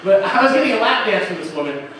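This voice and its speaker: High-voiced man in his forties doing stand-up. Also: big pitch swings, fast, fairly bright tone. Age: 40s. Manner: self-deprecating storytelling. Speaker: stand-up comedian. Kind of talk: stand-up comedy set. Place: comedy club stage. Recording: echoey club from far off, noisy.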